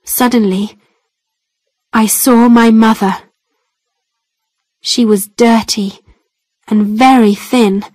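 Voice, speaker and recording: A woman's voice: a little high, steady tone, slow pace, long pauses, a little mellow, no room sound, faint music behind. A woman narrating a graded storybook for English learners in plain, carefully spaced phrases.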